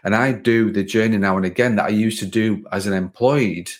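A man's voice: fairly low pitch, steady tone, brisk. A man hosting a podcast, talking in a loose, rambling way with many restarts. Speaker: podcast host. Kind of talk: casual interview chat.

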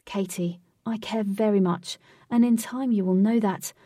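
A woman's voice: medium pitch, normal speed, mellow, dry recording, studio quality, recorded from a distance, close to an everyday voice. A woman voicing Wraith, a serious male guide who patiently lectures his companion in a storybook reading. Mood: earnest.

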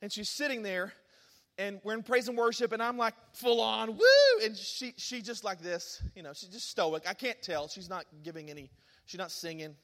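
Guy preaching, high bright voice, big echoey church hall. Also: moderate pace. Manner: animated storyteller, bursts of excitement and laughter. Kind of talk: sermon with personal story. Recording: long hall reverb.

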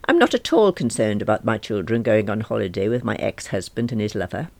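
A woman's voice: very deep voice, big pitch swings, brisk, vocal fry, no echo. A middle-aged woman narrating a comic diary novel in a wry, self-mocking manner. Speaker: audiobook narrator.

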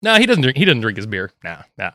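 A man, a golf caddie, telling stories in an animated, laughing, casual chat. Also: medium pitch. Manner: animated, quick, laughing storyteller.

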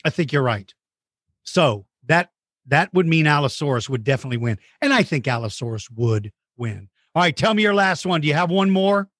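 A man's voice: a little high, animated, brisk, a bit bright, no room sound, clean studio sound. A man hosting a playful chat with a child about dinosaur battles, goofy and teasing with mock outrage. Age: adult. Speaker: host interviewing a child.

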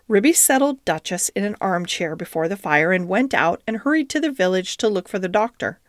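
A woman narrating a classic storybook in a gentle, expressive reading. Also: mid-range voice, fairly quick, few pauses, no echo, studio quality.

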